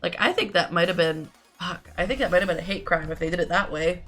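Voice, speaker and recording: Woman, low-pitched voice, dry sarcastic livestream commentary, low energy, faint background game music. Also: quick pace, few pauses, fairly bright tone. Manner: wry, sarcastic, swears casually. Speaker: streamer.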